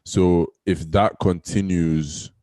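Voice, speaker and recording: A man on a podcast panel who speaks quickly and tentatively, tripping over his words. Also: sits low, fairly even intonation, warm tone, dry recording. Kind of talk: casual chat.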